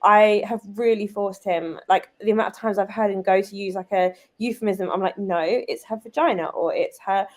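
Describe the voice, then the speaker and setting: A British woman in her thirties, a guest and business owner, telling stories in a lively, chatty way full of "like" and "um". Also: medium pitch, moderate pace, few pauses. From United Kingdom. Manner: lively, chatty, many fillers like "like" and "um". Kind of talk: casual conversational storytelling.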